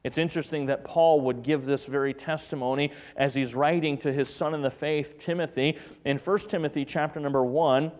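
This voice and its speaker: A man preaching a sermon as pastor, swinging between loud emphatic peaks and hushed, tender drops. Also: mid-range voice, a little fast. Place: church.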